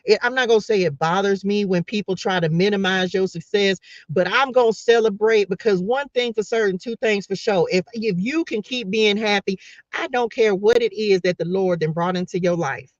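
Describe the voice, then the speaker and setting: A woman's voice: mid-range voice, moderate pace, no echo. Fervent woman preaching on a live stream. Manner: passionate, repetitive, calls out to listeners and chat. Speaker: live-stream spiritual message host. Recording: dull, dry lo-fi sound.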